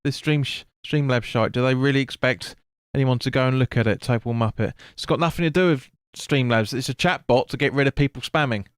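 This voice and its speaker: A man's voice: mid-range voice, a little fast, hardly any pauses, clear, resonant tone, no echo, clean studio sound. A man streaming a football watch-along, calling the play and answering chat bluntly with swearing. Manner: blunt, sweary, chatty with viewers. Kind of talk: live match commentary and chat reading.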